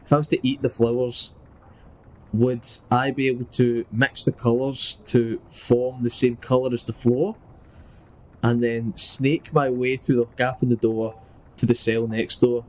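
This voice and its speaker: Man, middle pitch, playful player with a faint hiss behind him. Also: little pitch movement, a little slow, darkish tone, low-quality recording. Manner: chatty and playful, laughs often. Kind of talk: casual tabletop play.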